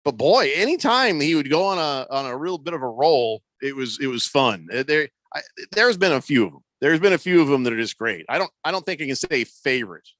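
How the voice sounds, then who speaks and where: A man's voice: a little high, sing-song, a little fast, fairly bright tone, no room sound. A man hosting a sports radio show, chatting casually, joking and reading out listener texts. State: losing his voice. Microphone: studio microphone.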